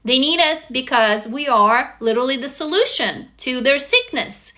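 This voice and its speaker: Bright, high-voiced woman in her forties. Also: animated, moderate pace. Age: 40s. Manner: emphatic and frank, often swearing, reads viewer comments aloud. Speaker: live stream host leading a writing group. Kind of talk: casual live stream talk.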